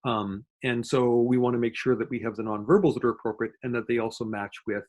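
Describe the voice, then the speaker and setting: A man giving an online lecture as a guest speaker, talking quickly and explaining step by step, with frequent fillers and self-corrections. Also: medium pitch, steady tone. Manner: fast-talking. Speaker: guest lecturer on dementia communication.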